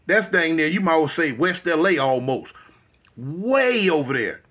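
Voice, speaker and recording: An interview guest from Los Angeles, a man with a husky, high voice, tells his story animatedly, a little slow, with lively intonation and a slightly bright tone. Slang, repetition, and frequent restarts fill his vivid retelling, in which he acts out others' voices.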